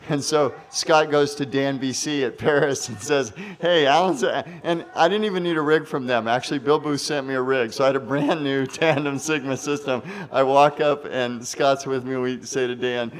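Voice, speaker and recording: A man's voice: medium pitch, fairly even intonation, normal speed, hardly any pauses. A man in his fifties, an interview guest, telling a rambling anecdote. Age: 50s. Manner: rambling, many fillers and restarts.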